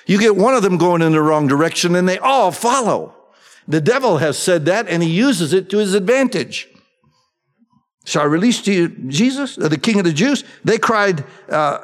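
A middle-aged male pastor teaching through the Bible verse by verse in a relaxed, conversational way, mixing in personal stories. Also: fairly high pitch. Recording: long hall reverb.

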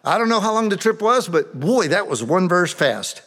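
A man's voice: high-pitched, very animated, normal speed, fairly bright tone, in a large hall. A man preaching a sermon, reading Bible verses aloud and then explaining them in plain, everyday words. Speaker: pastor.

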